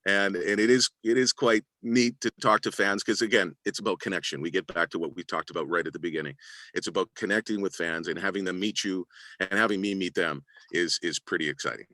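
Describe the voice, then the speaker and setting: A middle-aged man with a very deep, forceful announcer's voice talks through his career as an interview guest. He sounds humble and thankful, often restarting his sentences. The recording is dry and close, with no room sound. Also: steady tone, brisk, no room sound. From Canada. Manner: humble, grateful, hesitant restarts. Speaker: arena announcer and voice-over actor. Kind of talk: interview guest, reflective storytelling.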